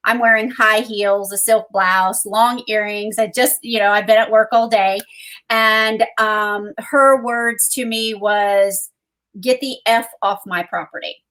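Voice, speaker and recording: Co-host, woman: earnest personal account, a touch high-pitched, lots of ums. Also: fairly even intonation, slow pace, a bit bright. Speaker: co-host and guest. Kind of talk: personal storytelling in conversation.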